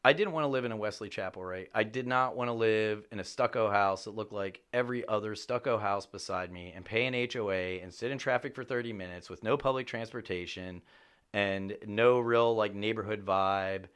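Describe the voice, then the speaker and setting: A middle-aged man chatting as a podcast guest, an animated storyteller who swears for emphasis and jumps up in pitch when excited. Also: brisk, smooth. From Chicago area. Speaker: podcast guest, real estate agent. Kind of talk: casual chat.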